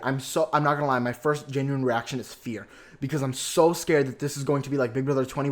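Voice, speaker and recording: A young man hosting a podcast, recapping a reality show in a sassy, excitable way with lots of slang and swearing. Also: medium pitch. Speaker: podcast host.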